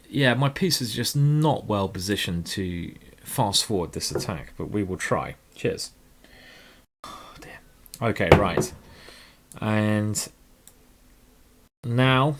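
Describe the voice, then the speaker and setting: A man commentating live blitz chess games, rambling and emotional with tipsy asides. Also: mid-range voice. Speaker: chess streamer.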